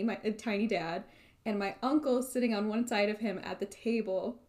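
A woman's voice: mid-range voice, a little mellow. A young woman co-hosting a podcast in casual chat, rambling and self-deprecating. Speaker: podcast co-host.

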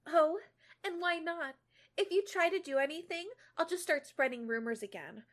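A young woman reading aloud a fan story and voicing a scheming teenage girl, stretching her sneering lines out slowly. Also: very high-pitched, lively intonation, fairly bright tone, voice pushed up. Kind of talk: amateur fan-fiction read-aloud.

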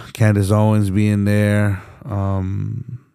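Slow, gravelly-voiced man ranting on a podcast. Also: fairly low pitch, monotone, darkish tone, no echo, studio quality. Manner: rambling, passionate, with many fillers and restarts; swears often. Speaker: podcast host. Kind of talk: solo podcast rant.

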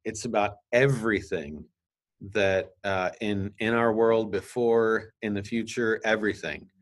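A man hosting a podcast, reading scripture aloud and explaining it in a casual, halting way with asides. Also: on the low side. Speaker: podcast host. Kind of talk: casual Bible teaching.

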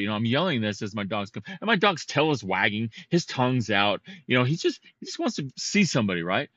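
A man co-hosting a podcast, telling a story in a casual, animated and heated way. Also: medium pitch, a little fast, hardly any pauses, no echo, highs cut off. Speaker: podcast co-host.

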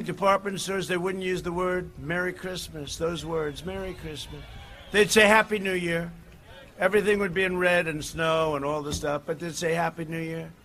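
Rally speaker, male, meandering delivery with punchy shouts and quiet asides, voice a touch high and cutting. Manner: rambling, digressive, swings between shouting and muttering. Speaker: political candidate at a rally. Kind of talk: campaign rally speech. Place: outdoor rally.

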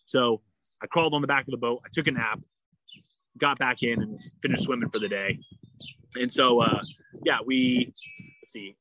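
An endurance athlete guest in a casual interview rambles through a long personal story, full of fillers and restarts and leaning heavily on "like" and "you know." His medium-pitched voice is animated, fairly quick and fairly bright, with no echo.

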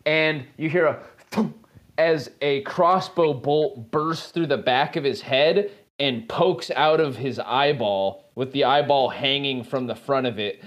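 A man's voice: mid-range voice, a little slow, a bit bright. A man narrating as game master of a tabletop game, loose and chatty with many fillers and easy laughs. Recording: casual podcast recording.

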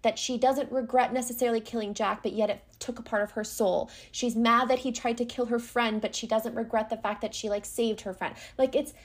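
Swearing, excited woman podcast co-host. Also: on the high side, fairly quick, hardly any pauses. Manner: enthusiastic, swears, reads passages aloud. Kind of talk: casual book discussion.

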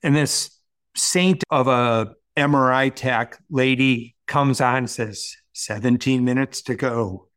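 An earnest man recounting a hard personal experience as a guest on a talk show. His voice sits at an ordinary middle pitch, and he speaks in a heartfelt, storytelling way. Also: slow, fairly bright tone.

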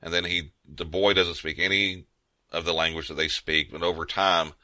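A man's voice: low voice, fairly even intonation, normal speed, sharp tone, no echo. A man co-hosting a podcast in casual chat, rambling with frequent restarts. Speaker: podcast co-host.

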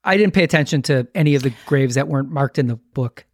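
A woman's voice: a bass voice, fast talker, darkish tone, dry recording. A woman co-hosting a casual interview chat, tossing in dry quips and short reactions. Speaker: co-host.

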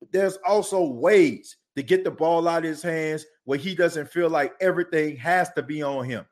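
A man hosting a sports podcast, ranting heatedly and repeating himself. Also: fairly high pitch. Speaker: podcast host. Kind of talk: casual sports talk.

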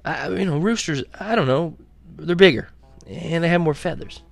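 A man's voice: on the high side, normal speed, gravelly, dry recording, pitched above the performer's own voice. A man voicing a cocky teenage boy who is the narrator's best friend, offhand and teasing.

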